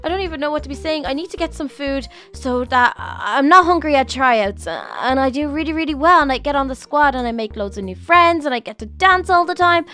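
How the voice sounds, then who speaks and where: A woman's voice: sits high, lively intonation, fairly quick, few pauses, pushed and bright. A woman voicing an eager, nervous young schoolgirl, chatting to herself through a game roleplay with gushing exclamations. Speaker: channel host.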